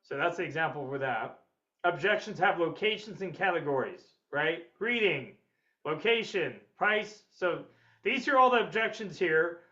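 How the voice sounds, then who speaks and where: A man with a high-pitched voice leads a sales seminar. He is energetic and blunt and swears freely. The audio is dull and lo-fi. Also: moderate pace. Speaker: sales trainer. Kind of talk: webinar seminar lecture.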